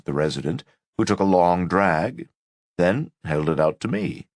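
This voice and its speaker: A man narrating a first-person memoir audiobook in a measured, wry storytelling manner. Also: sits low, very animated, breathy edge, no echo, clean studio sound.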